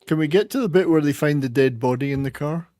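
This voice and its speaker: A man's voice: a little high, quick pace, a crowd in the background. A man co-hosting a podcast in casual chat, teasing and wisecracking. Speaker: podcast co-host.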